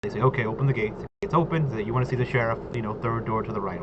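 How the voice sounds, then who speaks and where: A man's voice: mid-range voice, racing. A man in casual chat about tabletop role-play, rambling and filling his talk with "like" and "right?". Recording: dull lo-fi audio with clear background noise.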